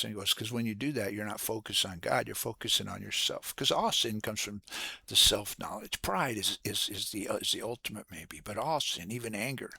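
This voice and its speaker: Earnest halting man, bright voice. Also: on the low side, expressive, creaky, husky, dry recording. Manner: halting, repeats words and restarts often; earnest, preacherly. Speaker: host of a Christian devotional channel. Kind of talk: casual devotional talk.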